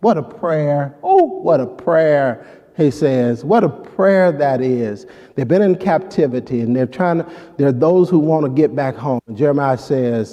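A man's voice: on the high side, lively intonation, a little slow, mellow. A male pastor preaching a sermon, with repeated call-outs to the congregation and rhetorical questions. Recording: long hall reverb.

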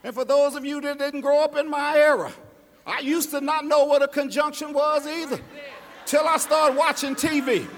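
A man preaching a sermon, shouting and half-singing his lines as he talks straight to the congregation. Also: very high voice, steady tone, normal speed, slight background noise. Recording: long hall reverb.

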